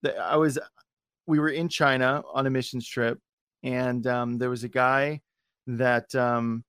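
A man's voice: medium pitch, level tone, a little slow, a bit bright, smooth, dry recording, clean studio sound. A man hosting a podcast, telling a personal story in a loose, rambling way with many restarts. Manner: rambling, full of restarts and fillers. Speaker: podcast host.

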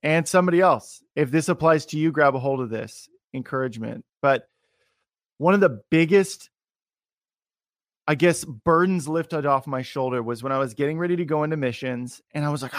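A young man hosting a faith interview, talking in an energetic, encouraging, rambling way with many fillers. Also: on the high side, a little fast, no room sound, studio quality. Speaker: podcast host. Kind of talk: animated faith interview chat.

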